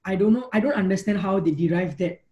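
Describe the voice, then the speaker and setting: A man's voice: high voice, fast talker, warm tone, lo-fi sound. A young man in his twenties with a Singaporean English accent, a guest in a casual chat, explaining his views earnestly. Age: 20s. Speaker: guest, medical student.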